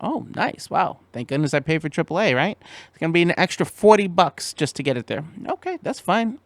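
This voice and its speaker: Excitable stammering man telling a story. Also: a little high, brisk, dry recording. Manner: animated, stammering restarts, voice jumping up when exasperated. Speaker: podcast host. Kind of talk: casual storytelling.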